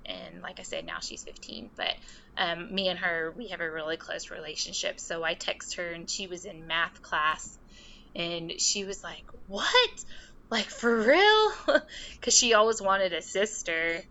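A woman's voice: lowish voice, normal speed, gravelly. A young woman, a podcast guest, telling a story casually and acting out the voices of the people she quotes. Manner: animated, acts out quoted voices. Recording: slightly dull sound with faint noise.

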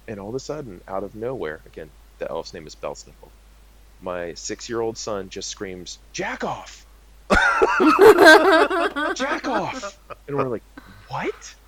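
A man's voice: deep voice, a little hiss or hum, low-quality recording. A man in his thirties chatting casually as a podcast co-host, rambling and joking with many fillers. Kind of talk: casual chat.

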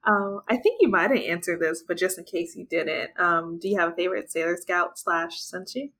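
A woman's voice: on the low side, moderate pace, a bit bright. A young woman hosting a podcast, chatting in a friendly, enthusiastic way. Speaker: podcast host. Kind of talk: casual chat.

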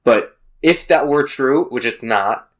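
A man's voice: mid-range voice, animated, slow. A young man co-hosting a casual podcast, joking and hesitant with stumbling restarts. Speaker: podcast co-host. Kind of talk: casual chat.

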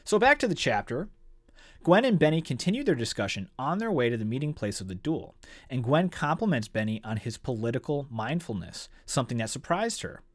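A man's voice: mid-range voice, sing-song, fairly quick, no room sound. A man hosting a casual book discussion, enthusiastically summarizing chapters and reading passages aloud. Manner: enthusiastic, summarizes the plot and reads excerpts aloud. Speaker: book discussion podcast host. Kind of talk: casual book club chat.

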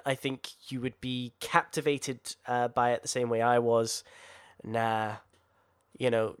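A man co-hosting a casual podcast chat, animated and quick to swear and laugh. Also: mid-range voice. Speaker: podcast co-host.

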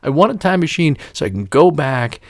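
Middle-aged man, casual podcast storyteller, swears a lot, lively pitch, dry close sound. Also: a little fast, no room sound. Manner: profane, animated, rants in exaggerated voices.

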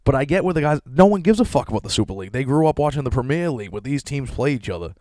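A man's voice: medium pitch, very animated, rapid-fire, mellow, no echo. A young man from the area, a comedian hosting a show, ranting loosely with lots of swearing and laughter. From Boston area, USA. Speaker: comedian podcast host. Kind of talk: profane comedic rant.

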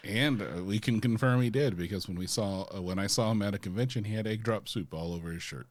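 A man's voice: on the low side, fast, dry recording. A man co-hosting a pop culture podcast in casual chat, rambling with dry, self-deprecating jokes. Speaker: podcast co-host.

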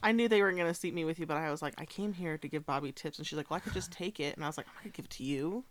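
A woman co-hosting a casual podcast, supportive and quick to joke. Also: low voice. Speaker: podcast co-host. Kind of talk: casual chat.

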